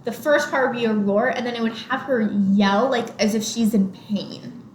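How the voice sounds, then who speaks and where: A slightly high-pitched young woman speaks at a moderate pace while co-hosting a podcast. Casually discussing a movie, she recaps scenes and says "like" constantly. The recording is roomy, with faint noise in the background.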